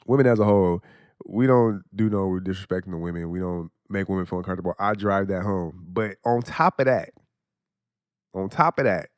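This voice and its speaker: A man's voice: on the low side, no room sound, studio quality. A young adult man hosting a podcast, talking in a blunt, profane, casual monologue and laughing often. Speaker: podcast host.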